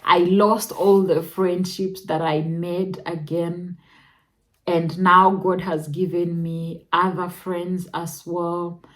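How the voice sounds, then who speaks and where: A young Kenyan woman with a Kenyan accent, telling her own story in a reflective, emotional way that jumps to high exclamations. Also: flat delivery, slow pace, a bit bright. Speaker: vlogger. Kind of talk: personal storytelling.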